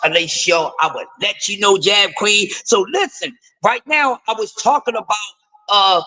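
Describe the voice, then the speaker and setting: Raspy middle-aged man, high and bright. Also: low-quality recording. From East Coast of the United States. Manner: rambling, repeats words, jokey and loose. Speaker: live-stream sports host. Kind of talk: casual sports talk live stream.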